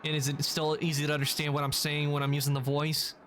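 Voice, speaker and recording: Flat-voiced man chatting with viewers. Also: a little high, fast talker, a little hiss or hum. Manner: rambling, self-correcting. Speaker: livestreamer. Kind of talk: casual chat with viewers.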